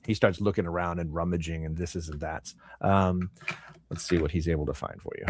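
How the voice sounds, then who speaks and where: A man's voice: low voice, steady tone, a little fast, dry recording. A man narrating as game master of a tabletop game, rambling with many fillers.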